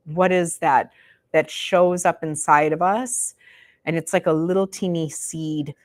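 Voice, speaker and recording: A woman's voice: on the low side, dry recording. A middle-aged American woman, a meditation teacher, chatting informally and rambling a bit to her class in a meditation room. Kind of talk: casual talk to a class.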